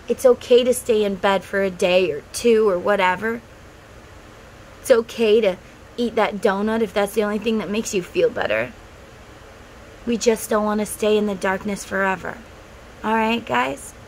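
A woman's voice: medium pitch, slight background noise, poor audio. A middle-aged woman who runs a spiritual vlog, talking to viewers in a casual, heartfelt way. She gives earnest advice and speaks straight to the viewer. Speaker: tarot and spiritual vlogger.

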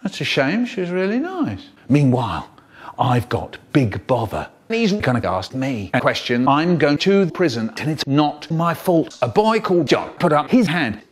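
Older man telling a wildly animated comic story. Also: fairly high pitch, moderate pace, breathy edge. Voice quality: expressive, animated delivery. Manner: theatrical, big swoops between voices.

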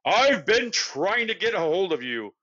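A busy, stern president giving brisk formal speeches, as a man puts him on for a storybook reading. The voice sits higher than usual and is bright and animated. The recording is dull and lo-fi. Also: full character voice. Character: stern busy middle-aged male president.

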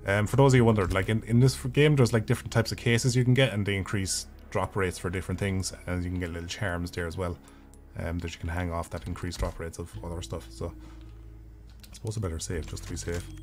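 Fast-talking Irish man streaming a game. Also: deep voice, flat delivery, soft background music. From Ireland. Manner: chatty, swears freely, quick talker. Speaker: gaming streamer. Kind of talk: casual live gameplay commentary.

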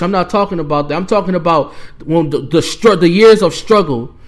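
A young man, hosting a podcast and ranting with heated exasperation as a sports fan. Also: high voice. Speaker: podcast host. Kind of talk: fan rant.

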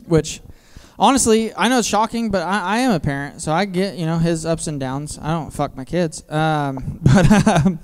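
A man in his thirties doing a stand-up comedy set on a theater stage, telling crude family stories with a deadpan, self-mocking delivery into a handheld mic. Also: on the high side, normal speed, few pauses, slight background noise.

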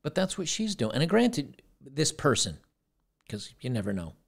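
A man's voice: mid-range voice, big pitch swings, moderate pace, vocal fry. A man hosting a casual reaction commentary, rambling and repeating words, with sarcastic asides. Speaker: commentary channel host.

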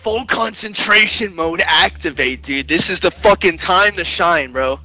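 An excitable young man on a headset mic in game voice chat, talking with a high, bright voice. He rambles and swears and tosses in "bro" nearly every line, with faint music behind him. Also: measured pace, few pauses, low-quality recording. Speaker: online player in game voice chat. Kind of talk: casual gaming voice chat.

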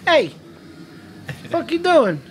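High, lively woman doing squeaky baby talk. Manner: squeaky baby talk to a pet, giggly, swears a lot. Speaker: person filming a friend's cat. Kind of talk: casual profane chat and baby talk to a cat. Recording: noisy home video.

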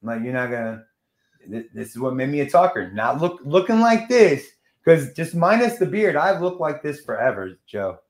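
A young man hosts a loose podcast chat, talking loud and brash with plenty of swearing. His voice sits a little high for a man. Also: big pitch swings, moderate pace. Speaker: podcast host. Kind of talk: casual profane chat.

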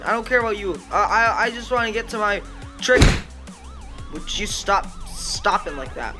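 Excitable young male gamer, lively voice. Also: high-pitched, normal speed. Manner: excitable, shrieks and laughs at the game. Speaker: gaming YouTuber. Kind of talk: let's-play commentary. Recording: game music playing loudly behind. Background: game music and sirens.

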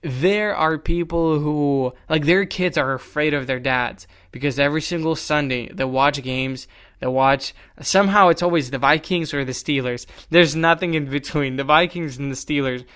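A young man hosting a solo podcast, telling stories in an animated, exasperated way. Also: on the high side, moderate pace, clear, resonant tone. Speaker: podcast host.

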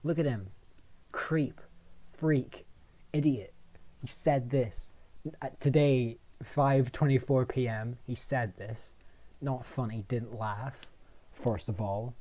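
Man, dark mellow tone, sweary mock-outraged rant full of restarts and exaggerated indignation. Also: mid-range voice, steady tone, slow, pauses often. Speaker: video maker.

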